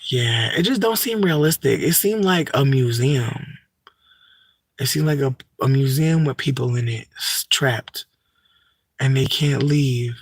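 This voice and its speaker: A man's voice: mid-range voice, a little slow, slightly rough, dry recording. A young man, rambling in a profane, campy, unscripted vlog monologue full of asides. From United States. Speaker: vlogger.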